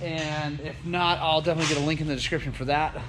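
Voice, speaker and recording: An upbeat man talks to the camera from his motorcycle repair shop, his voice sitting a little high for a man. He rambles cheerfully with plenty of ums and uhs, and a faint hiss of noise sits behind him. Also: steady tone, fast talker. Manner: upbeat, enthusiastic, many fillers. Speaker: motorcycle shop owner and vlogger. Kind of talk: casual vlog talk to camera.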